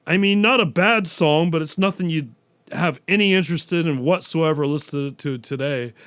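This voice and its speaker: A man hosts his own show, chatting loosely and rambling from one thought to the next with plenty of swearing. His voice sits a little high and sounds smooth and clear. The recording is dry and close, with no room sound. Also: normal speed, a bit bright, no room sound. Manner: rambling, profane, acts out quotes. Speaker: podcast host. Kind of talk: casual solo movie talk.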